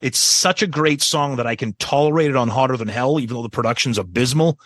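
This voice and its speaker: A man's voice: mid-range voice, fairly bright tone, no room sound. A man co-hosting a podcast, chatting enthusiastically about a live album, often repeating words as he talks. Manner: enthusiastic, repeats words, quick agreeing interjections. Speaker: podcast co-host. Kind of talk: casual music review chat.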